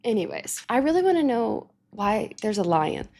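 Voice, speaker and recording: A woman hosting a music reaction, chatting casually and animatedly, laughing often and now and then cooing softly at her cat. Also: fairly high pitch, sing-song, moderate pace, vocal fry. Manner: drops to soft baby talk with her cat. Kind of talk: casual chat.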